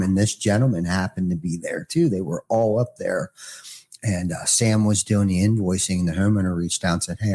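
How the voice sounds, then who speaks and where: A man's voice: deep voice, darkish tone, husky. A middle-aged man, a business owner, telling a rambling story in a casual podcast conversation and often restarting his sentences.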